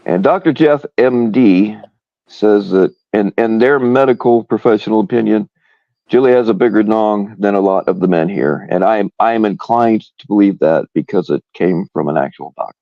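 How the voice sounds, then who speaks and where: A man co-hosting a live stream, joking in casual banter with halting restarts. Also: on the low side, creaky, no room sound, dull audio.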